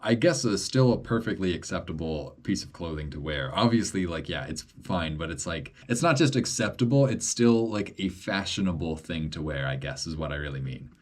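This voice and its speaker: A young man with a low, deep voice talks through an old film in loose, rambling reaction commentary. He fills his sentences with fillers and laughs often as he goes. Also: lively intonation, moderate pace, few pauses.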